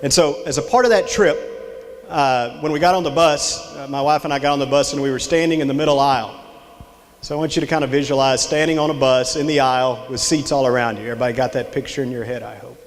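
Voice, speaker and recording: A man's voice: mid-range voice, fairly even intonation, fast. Man, Texan accent, middle-aged, folksy storyteller, motivational speech, long hall reverb. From Texas. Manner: storytelling, engages the crowd with questions. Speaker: extension director giving a leadership talk. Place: large hall with live audience.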